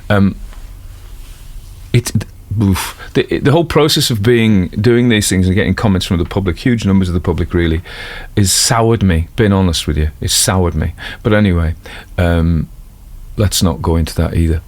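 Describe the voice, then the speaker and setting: Geordie man, very deep voice, casual rambling chat, self-mocking asides. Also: normal speed. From North East England. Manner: rambling, self-deprecating, many fillers and asides. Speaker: audiobook narrator talking about his reading. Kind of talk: casual spoken commentary.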